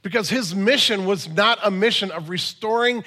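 Bright-voiced man preaching a sermon. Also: high-pitched, moderate pace. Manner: conversational storytelling with emphatic asides. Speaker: pastor.

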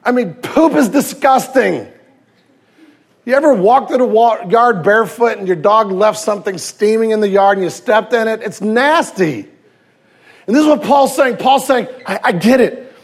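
High-voiced animated man preaching. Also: normal speed. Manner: animated, shifts between loud emphasis and hushed tenderness; acts out quoted voices and anecdotes. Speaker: pastor. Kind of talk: sermon.

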